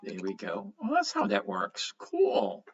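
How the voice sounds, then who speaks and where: Male livestream host, casual and lively, reads out chat, dull low-fi sound. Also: measured pace, vocal fry. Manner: chatty, greets viewers by name, reads comments aloud. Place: at home.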